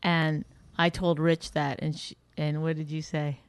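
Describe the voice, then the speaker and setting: A middle-aged woman comedian spinning a story in casual conversation, her speech lively and a touch low-pitched. She leaps up high whenever she mimics someone else. The recording is dry and close. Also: a little slow, clear, resonant tone, dry recording. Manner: animated storyteller, acts out quoted people in a high voice. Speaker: podcast co-host and comedian.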